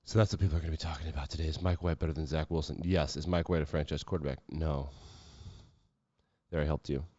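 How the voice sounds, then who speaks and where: Deep-voiced sarcastic sports podcaster. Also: male voice, fairly even intonation, a little mellow, husky, no echo, dull audio. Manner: sarcastic, profane, quick asides. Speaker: podcast host. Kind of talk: casual sports commentary.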